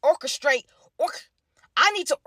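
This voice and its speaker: A young woman from Dallas telling a casual story time, animated and slangy, acting out her friends' lines. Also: sits high, moderate pace, dry recording, clean studio sound. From Dallas, Texas.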